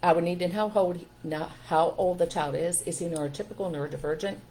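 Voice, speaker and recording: A woman's voice: lowish voice, quick pace, dark tone, rough recording. A middle-aged woman from Pennsylvania hosting a casual live stream as a parenting coach, talking earnestly and greeting viewers by name. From Pennsylvania, USA.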